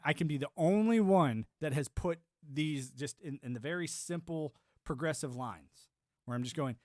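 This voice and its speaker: A man's voice: a little high, dry recording, clean studio sound. A man hosting a livestream, giving casual political commentary in a ranting way, often repeating words and mocking the voices he quotes. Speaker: livestream host.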